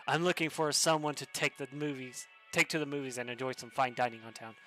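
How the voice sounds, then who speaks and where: Cheesy would-be romancer, soft and hammy, bright tone , a man putting him on. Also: mid-range voice, fast talker, soft background music, natural voice. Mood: romantic. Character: cheesy smooth-talking man on a dating site.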